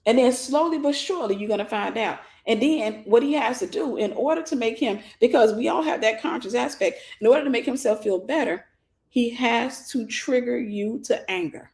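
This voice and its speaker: A woman minister giving an animated teaching sermon, acting out scenes and speaking straight to her listeners. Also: a little high, moderate pace. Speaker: minister and mentor.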